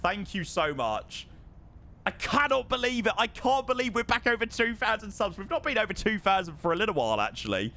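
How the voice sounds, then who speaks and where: A bright, forceful male voice chatting live to his stream while flying a simulator. He swings up and down in pitch as he talks, excitable and effusive. He keeps repeating his thanks to the chat. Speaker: livestreamer.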